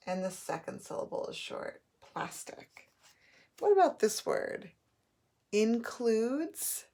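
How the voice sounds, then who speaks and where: A woman leads a phonics lesson for young children at an even, middle pitch. She speaks slowly and deliberately, sounding out letters one by one, with the patient rhythm of a teacher at the board. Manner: slow, clear teacherly pacing with sounded-out letters.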